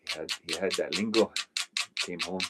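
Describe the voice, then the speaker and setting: A man's voice: low-pitched, moderate pace, over loud music. A man hosting a live stream, chatting casually and telling rambling folksy stories while he works, laughing often. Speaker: livestream host.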